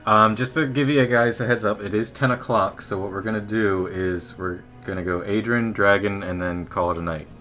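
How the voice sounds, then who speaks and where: A man running a tabletop game as dungeon master, narrating in a relaxed, unhurried way with frequent fillers. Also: on the low side, soft background music.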